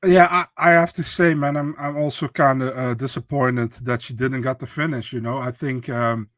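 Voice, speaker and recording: A man's voice: mid-range voice, fairly even intonation, normal speed, dry recording. A man co-hosting a sports podcast in casual chat, often adding "you know" and "listen, man". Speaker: podcast co-host.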